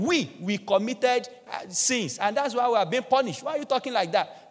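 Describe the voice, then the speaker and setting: A man's voice: sits high, expressive, moderate pace, few pauses. A man preaching a sermon as pastor in a church, urging his listeners with repeated exhortations. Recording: long church reverb, faint music behind.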